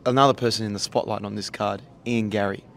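A man's voice: fairly low pitch, steady tone, fast talker, vocal fry, a little hiss or hum. A man interviewing a fighter with upbeat, playful questions. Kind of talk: press interview.

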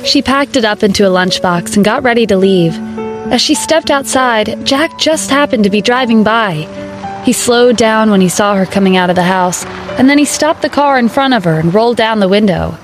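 A woman narrating a romance audiobook in an even, steady storytelling manner. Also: fairly high pitch, moderate pace, over music.

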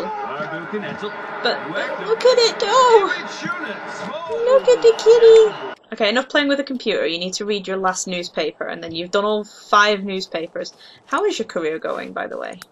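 A young woman giving casual, excitable commentary while playing a life-simulation game, gushing over cute pets. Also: medium pitch, background noise. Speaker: gaming video host.

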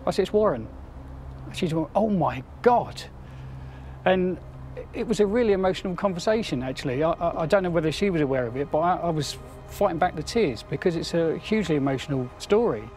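A man in his forties telling an emotional story, speaking fast and stammering a little. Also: fairly high pitch, expressive, darkish tone, soft background music. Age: 40s. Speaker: childhood friend. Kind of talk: interview.

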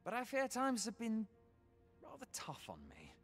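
Husky, humble fantasy scholar. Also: male voice, very high voice, huge pitch swings, moderate pace, faint music behind, heavily acted. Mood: grateful. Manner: humble, courteous, old-fashioned.

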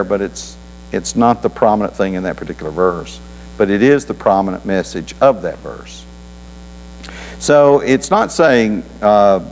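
A man's voice: fairly low pitch, a little mellow. A man preaching a sermon in a folksy, conversational way, with homespun anecdotes. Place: church auditorium. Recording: reverberant hall with mains hum.

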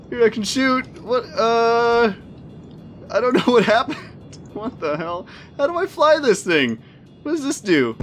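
A man hosting a gameplay video, reacting excitedly as he plays, laughing often and swearing when things go wrong. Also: very high voice, a little slow, faint music behind. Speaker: gaming video host. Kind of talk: let's play commentary.

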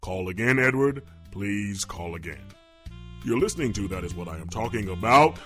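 A man's voice: lowish voice, lively intonation, moderate pace, fairly bright tone, soft background music. A man hosting a comic radio call-in show, talking patiently and hesitantly with many ums and uhs.

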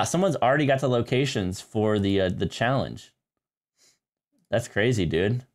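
A man streaming a shooter game live, chatting casually with viewers, laughing often and calling them dude and guys, into a desk microphone at home. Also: on the low side. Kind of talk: casual live gameplay commentary. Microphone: desk microphone near a keyboard.

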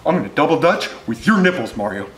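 A man's voice: sing-song, fast, a bit bright. A man voicing a greedy, bullying middle-aged male landlord in a puppet comedy skit, menacing and mocking. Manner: menacing, mocking, with big swoops in pitch. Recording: echoey room with music.

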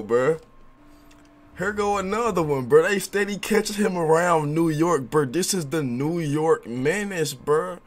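A man's voice: fairly high pitch, unhurried. A young man hosting a reaction video, talking casually in slang and sounding amused at what he watches. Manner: laid-back slangy talk, amused.

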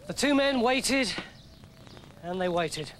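A man telling a story in lively, playful scripted narration that drops to hushed tones. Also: high voice, slow pace.

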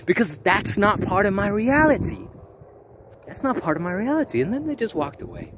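A man talking to camera in a preachy spiritual monologue, animated and repetitive, with swearing. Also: high-pitched, moderate pace, background noise. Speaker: vlogger.

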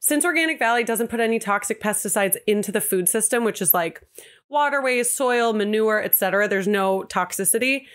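A woman's voice: brisk, fairly bright tone. A young woman hosts her podcast in an easy, chatty monologue. She gushes and giggles as she talks, and her voice leaps upward whenever something moves her. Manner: gushing, giggly and emotional, swoops up in pitch. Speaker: podcast host. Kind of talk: casual sponsored podcast monologue.

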